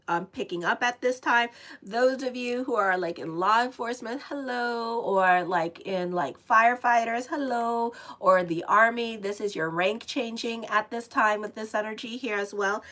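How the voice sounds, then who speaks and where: A woman tarot reader talks casually through a reading for her channel. Her voice is bright and sits a little high. She chats freely and turns often to address her viewers. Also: normal speed. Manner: chatty, animated asides to viewers.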